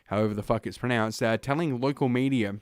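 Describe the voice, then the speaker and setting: A male podcast host reads news items aloud, then breaks into blunt, profane, scornful rants peppered with uhs. His medium-pitched voice is fast, clear, and resonant, recorded in studio quality with no echo.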